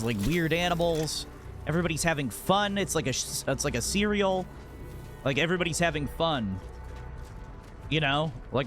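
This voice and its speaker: During a casual gaming stream, a man rambles through vulgar, humorous anecdotes. His voice is a little high and a bit bright.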